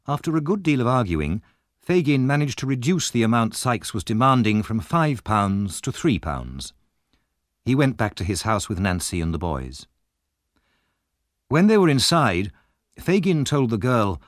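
A man reading a storybook chapter aloud in a measured, expressive way. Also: on the low side, no echo, clean studio sound. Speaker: audiobook narrator. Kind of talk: scripted storybook narration.

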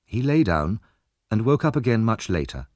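A male narrator reads a classic story aloud in an expressive, lively way. His voice sits fairly low but moves widely up and down, and the recording is dry, with no room sound around it. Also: moderate pace, no room sound.

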